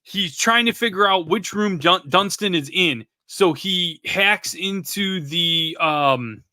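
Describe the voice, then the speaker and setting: A man's voice: high-pitched, slow, bright, forceful tone, dry recording. A man co-hosting a podcast in casual chat, rambling and searching for words as he retells stories. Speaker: podcast co-host.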